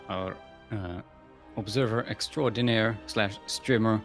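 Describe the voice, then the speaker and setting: A man hosting and casting an esports tournament in a playful, rambling way, with booming ring-announcer introductions. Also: slow pace, long pauses, soft background music. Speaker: tournament host and caster.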